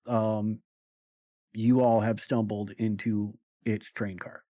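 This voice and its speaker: A man narrating a tabletop role-playing game as game master, slow and hesitant with many pauses and fillers. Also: on the low side, little pitch movement, mellow, no room sound, clean studio sound.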